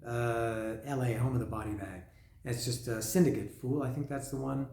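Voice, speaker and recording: A man's voice: mid-range voice, normal speed, gravelly, a little mellow. Rambling man in an echoey room. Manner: rambling, many restarts and fillers, raps lyrics along. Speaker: music vlogger. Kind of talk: casual album review monologue.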